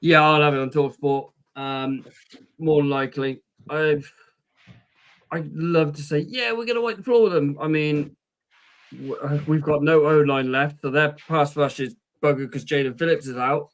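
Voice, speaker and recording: A man's voice: fairly high pitch, little pitch movement, measured pace. A man hosting a casual sports podcast, chatty and rambling with many fillers. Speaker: podcast host.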